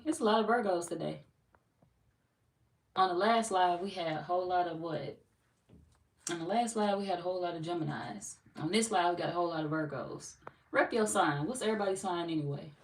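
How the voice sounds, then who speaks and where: A young woman with a St. Louis accent, chatting casually with her livestream viewers, loose, profane and joking. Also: lowish voice. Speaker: tarot livestream host. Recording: roomy, distant from the mic, light noise.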